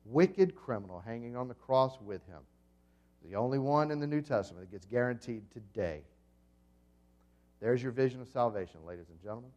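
A pastor preaching a sermon to his congregation, telling the story vividly, swinging between loud and soft, and asking the listeners questions. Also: medium pitch, normal speed, lo-fi sound. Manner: dramatic storytelling with swings in volume.

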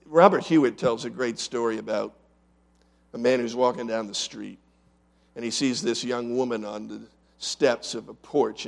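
This man's medium-pitched preaching carries vocal fry. As a pastor giving a sermon, he throws rhetorical questions at the congregation, swinging between emphatic volume and soft asides.

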